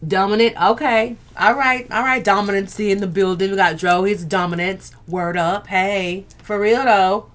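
With fairly even intonation, few pauses, and a mid-range voice at normal speed, a woman hosts an informal live stream. She talks candidly and earthily, cursing and speaking straight to viewers.

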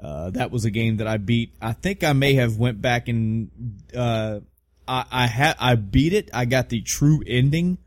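A man's voice: mid-range voice, measured pace, dry recording, clean studio sound. A man co-hosting a casual podcast, rambling and swearing with self-mocking humor. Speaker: podcast co-host. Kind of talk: casual chat.

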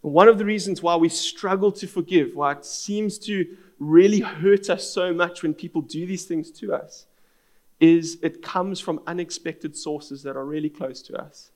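A pastor delivers his sermon with an earnest, storytelling drive. His voice sits a little high for a man and carries a gravelly, fry-edged texture. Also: measured pace, a little mellow.

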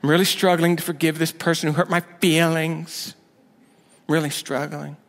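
A man's voice: on the high side, little pitch movement, normal speed, natural voice. A male pastor putting on the voice of a whiny, self-absorbed churchgoer who keeps sighing about his struggles. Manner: whining, breathy sighs, repeating himself. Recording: long reverb of a big hall.

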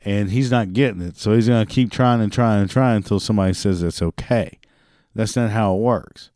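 An exasperated man tells a story as a rant, swearing freely and mocking with sarcasm. His voice is low and dark, and the sound is dry and close with no room around it. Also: brisk, dry recording. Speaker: customer service worker.

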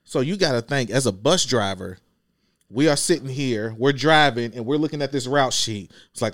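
A man who drives a school bus, chatting casually on a podcast and acting out scenes with quick voiced asides. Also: mid-range voice, expressive, fairly bright tone, no echo. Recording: dry close mic.

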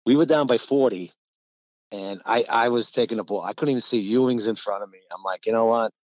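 A man's voice: mid-range voice, a little fast, darkish tone, no room sound. A middle-aged man, a former college basketball player, telling rambling anecdotes in casual conversation, laughing often and acting out quotes. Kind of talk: casual storytelling. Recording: dull lo-fi, dry.

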